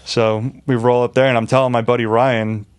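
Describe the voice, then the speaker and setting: A man, sitting as a guest on a podcast, spins a rowdy tale in loose, profane chat. He laughs through his own story and pitches his voice up whenever he quotes someone. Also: little pitch movement, a little fast, clear, resonant tone. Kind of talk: casual storytelling.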